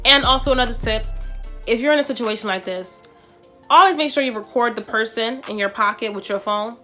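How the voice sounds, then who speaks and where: A woman's voice: on the high side, fairly quick, faint music behind. A young woman telling a storytime vlog about buying her first car, acting out the people in it. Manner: animated, acts out quoted voices.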